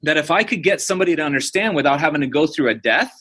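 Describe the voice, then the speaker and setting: High-voiced storytelling man. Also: lively intonation, racing, sharp tone, slightly rough. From United States. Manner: casual, storytelling, uses "dude" and "like" often. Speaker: guest. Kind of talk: podcast interview.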